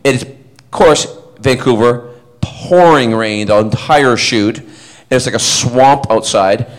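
A middle-aged man on stage at a fan panel, telling funny stories and acting out the quotes as he goes. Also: medium pitch. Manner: animated storyteller who acts out quotes. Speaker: convention panel guest. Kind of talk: casual anecdote telling on stage.

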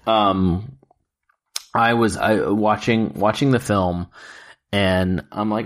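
Man, podcast co-host, casual chat, excitable, swears, laughs often, lowish voice. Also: takes it slowly, pauses often. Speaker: podcast co-host reviewing films.

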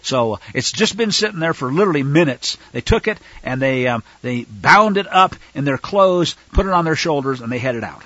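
A man's voice: a little high, lively intonation, a little fast, hardly any pauses, dry recording, highs cut off. A man teaching scripture to a fellowship, conversational with asides to his listeners and rising to fervent denunciation. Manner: fervent, rises to loud denunciation.

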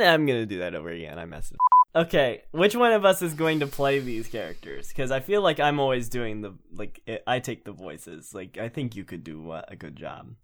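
A man co-hosting a podcast in casual chat, playful and quick to laugh. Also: medium pitch, sing-song. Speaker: podcast co-host.

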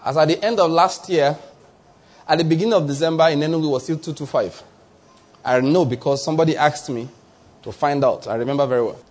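Nigerian pastor guy preaching, kinda husky, a bit high, stretches words out. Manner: animated preaching, drawn-out emphasis, chuckles. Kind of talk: sermon.

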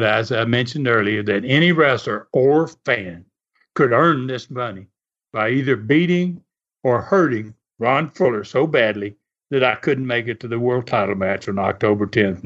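A man's voice: mid-range voice, a bit bright. An older man and former wrestler telling folksy stories in an interview, often chuckling as he talks. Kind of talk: storytelling interview. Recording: muffled recording.

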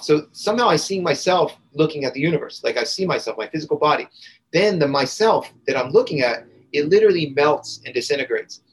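A man's voice: on the high side, slightly rough, poor audio. Earnest man telling a personal story. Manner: earnest, halting storyteller with fillers and restarts. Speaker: podcast guest. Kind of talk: storytelling in a conversation.

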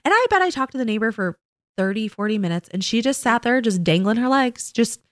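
Lively mom podcast co-host. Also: female voice, fairly quick, no room sound, studio quality. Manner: animated storytelling, imitates her kids in high voices. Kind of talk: casual chat.

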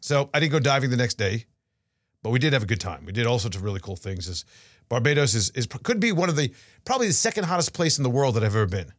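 A middle-aged man co-hosting a podcast, telling a story in casual chat with animated delivery and frequent restarts. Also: mid-range voice, quick pace, no room sound, clean studio sound. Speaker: podcast co-host.

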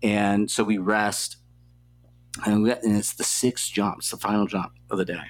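A young man with a slightly low-pitched voice tells a story as an interview guest. He rambles casually, swears freely and fills his sentences with "like" and "you know.". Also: fairly even intonation, moderate pace. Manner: profane, loose, heavy on filler words. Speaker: athlete guest.

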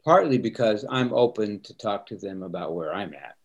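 A man's voice: lowish voice, lively intonation, moderate pace, muffled recording. A middle-aged man, a pastor, speaking earnestly and reflectively in a conversation, often repeating words as he starts sentences. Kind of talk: conversational interview answers.

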